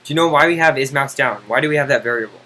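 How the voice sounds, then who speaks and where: A man tutoring someone in code, impatient and teasing, explaining in quick exasperated bursts. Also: medium pitch, bright, forceful tone, a little hiss or hum, low-quality recording. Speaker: coding tutor. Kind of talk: casual screen-side coding help.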